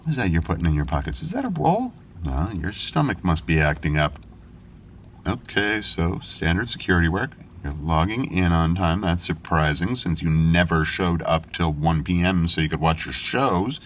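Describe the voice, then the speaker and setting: Fussy, excitable man in an audio drama. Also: low-pitched, moderate pace, slight background noise. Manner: excitable, fussy, talks to himself. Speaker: corporate assistant character.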